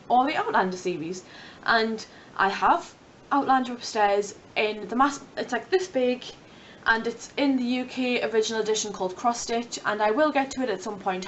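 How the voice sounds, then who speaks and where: Young woman, playful rambling chat, slightly high voice, heard from a little way off. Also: distant mic, slight background noise, rough recording. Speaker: book vlogger. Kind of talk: casual chat to camera.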